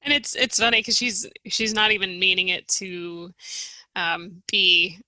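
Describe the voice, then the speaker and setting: A woman's voice: medium pitch, fairly even intonation, unhurried, pushed and bright, no room sound, poor audio. A woman co-hosting a casual book-discussion podcast, chatty and agreeable, laughing often as she talks.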